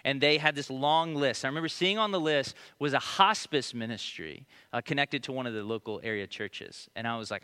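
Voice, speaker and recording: A man in his thirties preaching a sermon, telling personal stories in a conversational way and moving between emphatic questions and quiet prayer. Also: mid-range voice, lively intonation, quick pace, hardly any pauses, clean tone. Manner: conversational storytelling, rising to emphatic questions then dropping to hushed prayer. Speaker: pastor.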